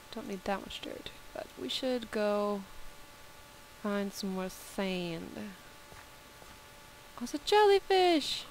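A woman giving casual, playful commentary as she plays a video game, talking to the animals on screen. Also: medium pitch. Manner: playful, chats to the game's animals. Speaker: video game let's-player. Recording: clear background noise.

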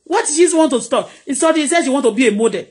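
A woman's voice: sits high, animated, rapid-fire, a little mellow. A middle-aged Nigerian woman vlogger, delivering a heated, preachy live-streamed rant that scolds her critics.

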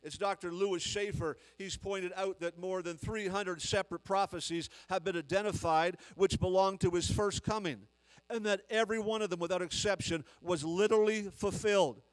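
Guest preacher, man, high-pitched, emphatic, repeats his points. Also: fairly even intonation, normal speed, big-room sound, poor audio. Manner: emphatic, repetitive preaching with rising volume. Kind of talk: sermon.

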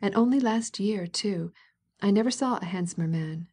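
A curious aristocratic countess, as a woman narrator puts her on, asking prying questions with feigned innocence in a storybook reading. Her voice is mellow and a little breathy. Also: medium pitch, moderate pace, close to an everyday voice. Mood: admiring.

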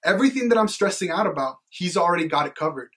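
Husky young man, earnest faith chat. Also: high-pitched, expressive, fast, a bit bright. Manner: earnest, rambling, heavy on "like" and "you know what". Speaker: youth podcast co-host. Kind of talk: casual faith talk.

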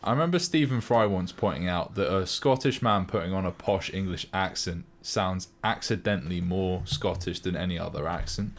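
A man's voice: low voice, moderate pace, few pauses. A young man co-hosting a film reaction, cracking playful, sweary jokes and laughing often. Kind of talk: casual reaction chat.

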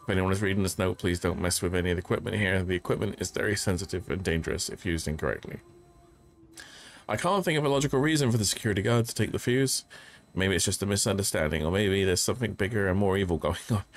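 A man's voice: deep voice, quick pace. A man streaming a horror game, reading notes aloud and joking as he plays. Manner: jokey, reads notes aloud, yelps when startled. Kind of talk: casual gameplay commentary.

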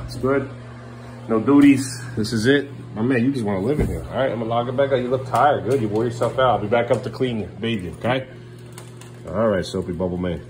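A man's voice: mid-range voice, noisy background. A man in his thirties, a father filming a casual family vlog at home, teasing and coaxing his young kids. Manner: playful teasing dad, coaxing and praising kids.

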